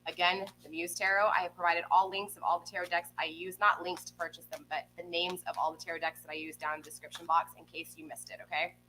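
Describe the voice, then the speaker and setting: Chatty woman reading tarot, bright tone. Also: fairly low pitch, level tone, quick pace, hardly any pauses, slight background noise, poor audio. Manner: chatty, keeps checking in with "okay?" and "right?". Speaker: tarot reader. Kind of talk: live tarot reading to viewers. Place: home room with a pet nearby. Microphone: desk microphone.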